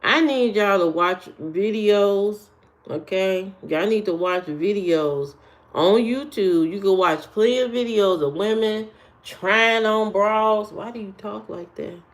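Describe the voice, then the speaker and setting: Brief: woman streamer, sassy and unhurried, talks back at trolls in chat. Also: mid-range voice. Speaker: live streamer. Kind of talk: casual live-stream chat answering comments.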